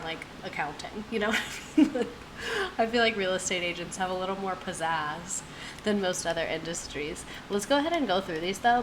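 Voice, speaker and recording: A woman in her twenties hosting a casual live stream, talking very fast and gasping for air between phrases. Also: on the low side, background noise. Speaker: streamer host. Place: home streaming setup.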